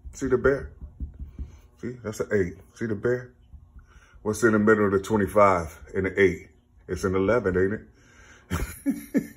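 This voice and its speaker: A man talking in a rambling, casual monologue, full of street slang and constant "you see?" checks, now and then laughing or bursting out loud. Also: mid-range voice. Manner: street slang, repeats "you see?" and "you know what I'm saying?"; excitable, mixes laughs and sudden loud bursts.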